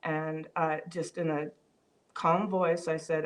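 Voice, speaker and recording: A woman hosts a live-stream vlog, talking reflectively and reading viewer comments aloud, with frequent fillers and restarts. Her deep voice stays level and slow.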